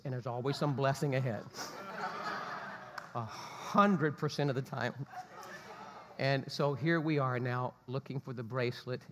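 Animated man preaching in a reverberant hall. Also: medium pitch, slight background noise. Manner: animated storyteller, acts out quotes. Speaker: pastor. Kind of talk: sermon.

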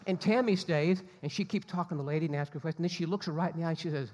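A man preaching a sermon, an animated storyteller who acts out the quotes he tells. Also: on the high side, very fast, hardly any pauses, big-room sound. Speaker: pastor.

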